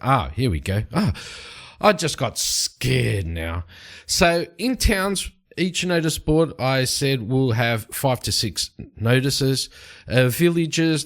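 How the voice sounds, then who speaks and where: A young man casually narrating his solo tabletop game, rambling with fillers and restarts. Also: medium pitch.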